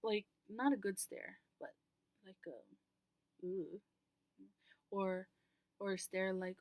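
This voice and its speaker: A woman's voice: mid-range voice, fairly even intonation, slow, long pauses, darkish tone, dry recording. A woman vlogger talking candidly to camera in a casual, rambling way, with many ums and casual swearing.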